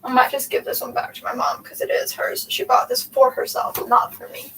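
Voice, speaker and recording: A young woman with a bright, high voice talks to her livestream viewers as she shuffles books around her room. She thinks aloud in loose, rambling sentences full of "like" and "um". The mic sits some way off, with a faint hiss behind her. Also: big pitch swings, fairly quick. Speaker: booktube host. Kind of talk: casual livestream chat while reorganizing shelves. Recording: distant mic with faint background noise.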